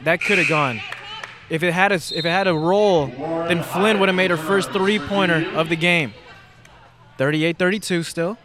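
A high-pitched man delivers fast, excitable play-by-play of a basketball game. His voice jumps to shouts whenever a big play lands. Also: over music. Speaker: play-by-play announcer. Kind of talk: live basketball play-by-play commentary.

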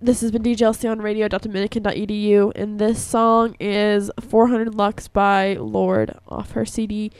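A young woman hosting a college radio show in a chatty, gushing way, her voice hoarse and coughing. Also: medium pitch, level tone, moderate pace, hardly any pauses, darkish tone, no echo. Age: young adult. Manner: chatty and gushing, filler-heavy. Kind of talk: casual radio chat. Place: radio studio.

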